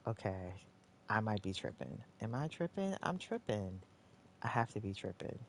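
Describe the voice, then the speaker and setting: Giving gameplay commentary on a live stream, this speaker has a medium-pitched, sing-song voice at normal speed. They mostly talk to themself, curse frequently out of frustration, groan and sigh between lines, and veer from mutters to exclamations.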